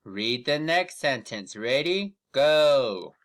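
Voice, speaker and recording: A man teaching an online reading lesson, giving patient, encouraging prompts and drawing out words slowly when reading aloud with students. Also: medium pitch, animated, fairly bright tone.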